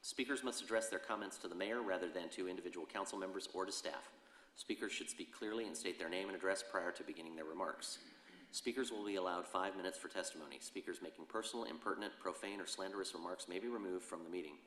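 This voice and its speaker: Man, mayor, very deep voice, fast, procedural, council chamber, echoey hall. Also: fairly bright tone. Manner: brisk, procedural, reads rules aloud. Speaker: mayor chairing a city council meeting. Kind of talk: formal meeting procedure. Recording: roomy chamber with long reverb.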